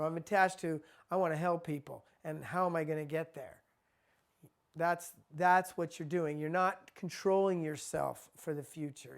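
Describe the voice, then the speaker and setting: A man teaching a spiritual lesson in a conversational, repetitive way. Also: on the high side. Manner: conversational, repeats himself, acts out quoted people.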